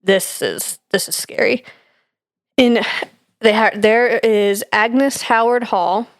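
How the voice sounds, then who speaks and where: Speaking slowly in a higher voice, a podcast co-host presents her ghost research, reading from notes with plenty of fillers. She's chatty and quick to laugh, and the casual conversation is recorded dry with clean studio sound.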